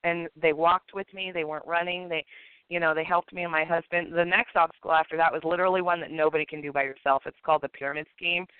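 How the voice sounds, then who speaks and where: A woman co-hosting a podcast, telling a personal story in a casual, animated way and acting out the people in it. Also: fairly low pitch, fast talker, clean tone, dry recording. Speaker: podcast co-host. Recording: tinny phone-line sound.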